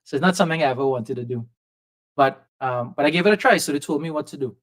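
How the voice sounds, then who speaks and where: A man from Trinidad with a softened Trinidadian accent, telling a lively personal story as a podcast guest and acting out the voices of people he quotes. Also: on the high side, fast. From Trinidad and Tobago. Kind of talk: storytelling in a conversation. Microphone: video call setup.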